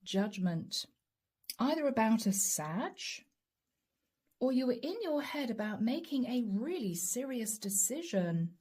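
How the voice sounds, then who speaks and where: A woman's voice: a little high, sing-song, measured pace, darkish tone, slightly rough. A woman doing a casual tarot reading, chatty and talking straight to the viewer, laughing often. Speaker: tarot reader.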